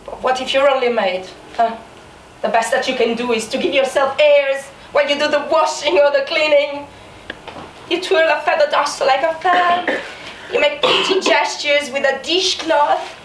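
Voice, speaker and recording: Actress doing a bitter mocking maid, high voice, roomy echo from far off in a small theatre. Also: female voice, fairly even intonation, normal speed, close to an everyday voice. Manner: sarcastic, mocking, swings into outbursts. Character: bitter, resentful young maid, scornful and fierce. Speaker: stage actor. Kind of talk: live stage drama. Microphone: distant room mic. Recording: echoey theatre from far off, faint noise.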